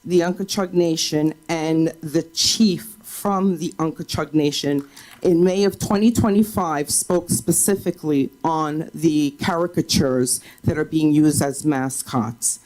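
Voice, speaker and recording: Low-voiced woman giving public comment. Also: unhurried, a little mellow. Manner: earnest, pointed, with frequent ums. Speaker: public commenter at a school board meeting. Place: school board meeting room.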